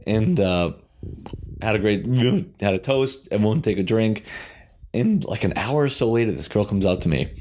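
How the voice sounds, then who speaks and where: A man's voice: on the low side, animated, normal speed, warm tone. A man hosting a podcast, telling a story casually with lots of restarts and fillers. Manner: rambling, with many restarts and fillers. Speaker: podcast host.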